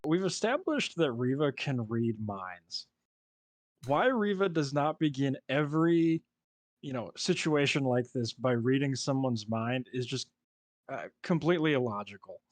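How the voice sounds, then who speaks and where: A man's voice: medium pitch, expressive, measured pace, dry recording. Male co-host, sarcastic critic, dry close-miked sound. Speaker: podcast co-host. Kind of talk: casual chat recapping a TV episode.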